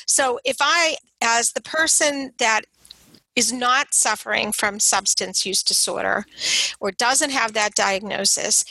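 A woman speaking in a thoughtful, earnest way, her voice bright and a little high. She leans into quoted lines as she talks them through. The sound is close and dry. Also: no room sound, low-quality recording. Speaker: parent of a son with substance use. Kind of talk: casual conversation on recovery support.

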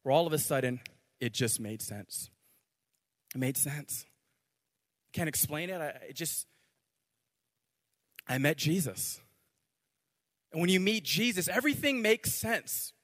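Male pastor, high-pitched, animated preaching in a big reverberant church. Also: a little slow, long pauses. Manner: animated, repeats words, swings loud to soft. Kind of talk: sermon. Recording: long hall reverb.

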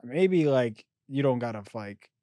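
A young man co-hosting a podcast in casual chat, slangy and animated. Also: mid-range voice, unhurried, no room sound. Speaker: podcast co-host.

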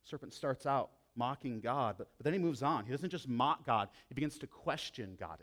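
A pastor preaches a sermon in a medium-pitched voice, swinging dramatically between loud emphasis and hushed intensity.

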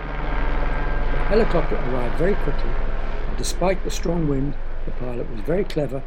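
Gravelly storyteller man. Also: medium pitch, noisy background. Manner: playful, asks listeners questions. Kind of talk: children's story narration.

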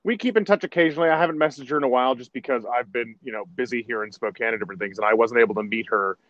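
A man, a stage actor, chatting as a podcast guest and telling stories in an animated way, often correcting himself as he goes. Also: medium pitch, rapid-fire, no echo, dull audio. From United States. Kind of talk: casual podcast conversation.

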